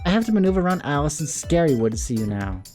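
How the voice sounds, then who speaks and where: A hyper, teasing schoolgirl who bosses people around with mock grandeur, put on by a Southern man in a mellow, raised voice. Her voice jumps high. Soft music plays in the back. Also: very animated, very fast. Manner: playful, bossy and mock-grand. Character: hyper, teasing young female student. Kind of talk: video game dialogue reading.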